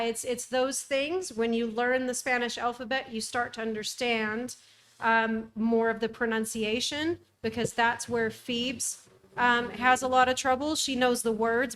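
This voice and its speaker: A woman's voice: fairly high pitch, fairly bright tone. A young woman co-hosting a travel podcast, chatting casually with frequent ums. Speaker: podcast co-host. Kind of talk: casual chat.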